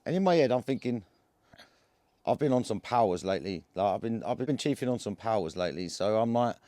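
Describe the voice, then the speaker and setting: A man's voice: on the low side, expressive, brisk, mellow, no room sound. A man with an Essex accent, telling a story to camera in a casual, rambling way, full of slang and restarts. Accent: Essex English. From England. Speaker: cannabis vlogger.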